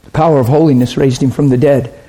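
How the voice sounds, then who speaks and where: A man's voice: mid-range voice, steady tone, quick pace, dark tone. A man preaching a sermon in an earnest, conversational way, asking his listeners rhetorical questions.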